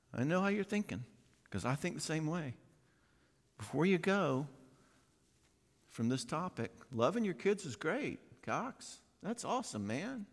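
Middle-aged guy giving a conference talk, voice jumps around a lot, big echoey hall. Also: a little high. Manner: animated and folksy, acts out quoted voices. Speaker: conference speaker. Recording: long reverb of a large hall.

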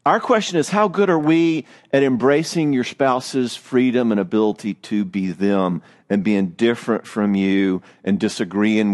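A man, a therapist giving a lively, joking talk on marriage with some self-mockery. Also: on the low side.

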